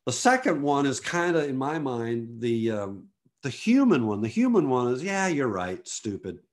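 An American photographer gives a motivational talk to an online group at normal speed. He's an animated storyteller, acting out what people said with big jumps in pitch.

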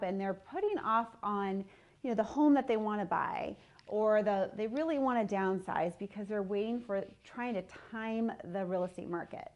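A woman's voice: mid-range voice, normal speed. A woman real estate agent talks straight to a camera. She is upbeat and chatty as she walks through a monthly market update. Her delivery is casual and explanatory. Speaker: real estate team leader. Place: filmed by a videographer.

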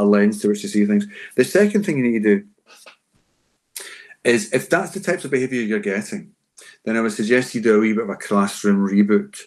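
A man's voice: lowish voice, a little mellow. A man answering teachers' questions in an unscripted session, emphatic and conversational. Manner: emphatic and conversational, acting out classroom lines. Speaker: school behaviour adviser answering teachers' questions.

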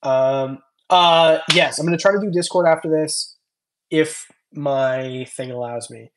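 Hosting a reptile channel, a young man casually chats on stream, thanking viewers by name as he reads their comments and rambles along. His voice is on the high side and fairly bright, with a measured pace.

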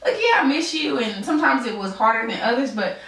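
A woman's voice: fairly high pitch, expressive, quick pace, a bit bright. Chatty young woman in echoey room. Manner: chatty, many fillers and restarts. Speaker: interview guest. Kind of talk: casual conversational interview. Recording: very echoey room, distant mic.

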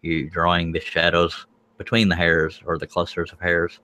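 A man's voice: low-pitched, completely flat delivery, normal speed, pushed and bright. A man hosting a live drawing tutorial, folksy and joking, thinking aloud as he works. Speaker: scroll saw pattern artist, livestream host.

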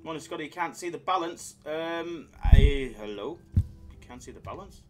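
A man's voice: a little high, animated, normal speed, music in the background. A man hosting a casual live stream, bantering with chat in a laid-back way.

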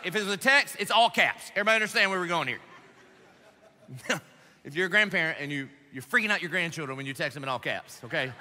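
A male pastor preaches in a high, very bright and forceful voice, full of jokes and emphatic pleas to his congregation. His words ring out with the long reverb of a large church hall. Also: fast talker. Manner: animated, joking, emphatic and direct with the congregation. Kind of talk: lively preaching sermon.

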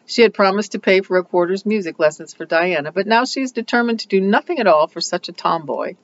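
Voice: mid-range voice, animated, fast, lo-fi sound, close to an everyday voice. A reader voicing a gossipy, self-assured older woman neighbor from a storybook, emphatic and scolding. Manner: emphatic, scolding, repeats a pet phrase.

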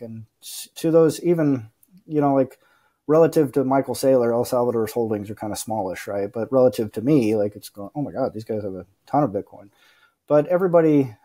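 A man's voice: mid-range voice, dark tone. A man talking as a podcast guest in casual conversation, rambling with lots of "like" and "you know" and acting out the quoted voices of other people. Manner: rambling, acts out quoted voices, many fillers.

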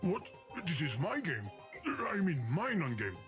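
An exasperated talking game. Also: male voice, fairly high pitch, huge pitch swings, a little slow, a bit bright, faint music behind, full character voice. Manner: exasperated, pleading. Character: flustered talking game, male, put-upon.

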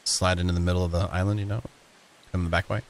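A man's voice: deep voice, little pitch movement, fast. A young man playing a game with a friend, chatting casually, often stumbling and restarting his sentences. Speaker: co-player. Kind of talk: casual gameplay chat.

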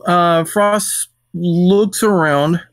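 A man's voice: sits high, steady tone, extremely slow, no room sound. A man playing his character in a tabletop role-playing game, speaking formally and earnestly in character. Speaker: player.

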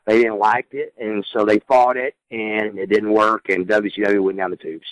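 A middle-aged former wrestler telling candid, animated stories in a shoot interview. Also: male voice, fairly low pitch, moderate pace, no room sound, rough recording.

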